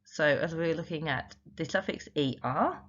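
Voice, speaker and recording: A woman's voice: low voice, moderate pace, muffled recording. A woman teaching spelling in an instructional video, explaining patiently step by step with many examples and frequent "um" fillers. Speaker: literacy teacher trainer.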